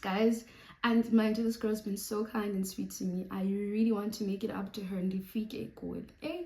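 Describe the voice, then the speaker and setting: Animated South African woman telling a story. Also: mid-range voice, moderate pace, roomy sound, rough recording. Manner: animated storytelling, mixing Xhosa into English. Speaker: YouTuber. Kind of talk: storytime vlog.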